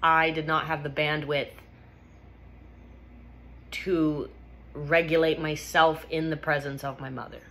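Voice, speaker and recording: A woman's voice: sits low, little pitch movement, takes it slowly, long pauses, a bit bright. Blunt, swearing woman telling a story. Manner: candid, profane, emphatic. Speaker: vlogger. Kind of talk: personal storytelling.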